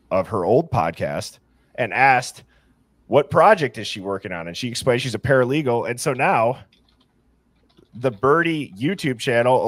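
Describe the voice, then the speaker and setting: A man's voice: on the low side, no echo. A man hosting a livestream, greeting viewers by name and reading their comments in a casual, upbeat way. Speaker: livestream host.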